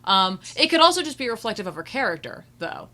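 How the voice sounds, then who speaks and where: A woman co-hosting a podcast, chatting casually and quickly. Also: on the high side, very animated, bright, forceful tone. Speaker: podcast co-host. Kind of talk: casual panel chat.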